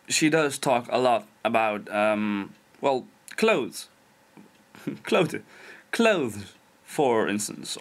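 A man's voice: mid-range voice, fairly bright tone. A young Dutch man, a non-native English speaker, rambling self-mockingly in a casual vlog. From Netherlands. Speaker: vlogger.

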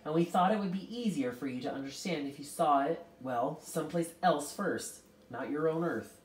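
A woman voicing a kindly, motherly old celestial being who comforts children, speaking gently. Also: low-pitched, moderate pace, close to an everyday voice. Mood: gentle. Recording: roomy, distant mic.

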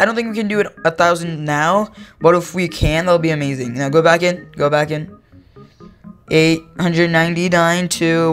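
A man's voice: fairly high pitch, fairly bright tone. A teenage boy giving casual, rambling commentary over his gameplay, often stopping to correct himself. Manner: rambling, self-correcting, easily amused. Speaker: gaming YouTuber.

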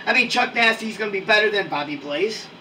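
A man playing an excitable, loud-mouthed wrestling hype man who shouts and uses slang. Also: sits high, fast. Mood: hyped. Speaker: wrestling staff character. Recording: distant mic with hiss.

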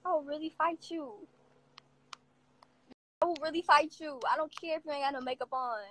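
High, bright woman ranting profanely. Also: rough recording. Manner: profane, confrontational, rapid-fire. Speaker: vlogger. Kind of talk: angry casual rant to camera.

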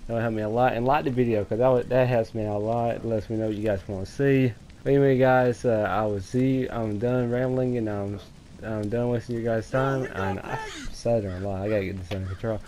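A man's voice: medium pitch, steady tone, fairly quick, mellow. A man casually commenting on gameplay as host of his gaming channel, rambling and chatty with lots of fillers.

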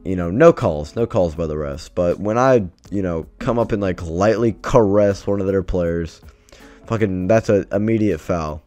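A man's voice: low voice, moderate pace, darkish tone, soft background music. A man vlogger telling a story casually, swearing a lot and sounding exasperated. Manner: profane, exasperated, rambling.

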